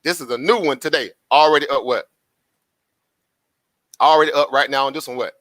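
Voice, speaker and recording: Host type: man, bright forceful voice, dry close sound, rhetorical live-stream trader patter. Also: mid-range voice, steady tone, brisk, dry recording. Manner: chatty, repetitive, asks rhetorical questions, laughs often. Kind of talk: casual live-stream commentary.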